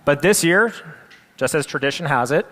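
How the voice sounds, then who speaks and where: Male presenter, dramatic storyteller, slightly high voice, big hall echo. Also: lively intonation, normal speed, a bit bright.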